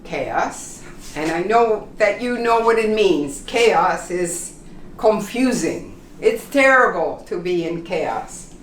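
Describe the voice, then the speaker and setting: Woman teaching english pronunciation, super slow, lively up and down pitch, echoey room. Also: distant mic, a little hiss or hum. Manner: slow, deliberate, repeats words for learners. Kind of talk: pronunciation lesson. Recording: roomy echo, voice a bit off-mic, faint ambience.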